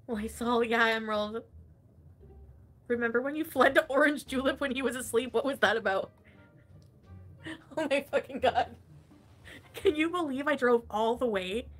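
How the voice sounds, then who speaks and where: Woman rambling on a stream, kinda high voice, swears a ton and keeps laughing, soft music behind. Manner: swears freely and laughs often. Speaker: livestreamer reading chat. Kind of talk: casual rambling chat.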